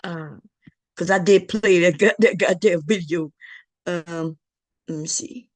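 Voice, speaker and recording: A middle-aged woman hosting a casual livestream, loud and joking, swearing freely and talking straight to her chat. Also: lowish voice, slow, no echo. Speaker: livestream host.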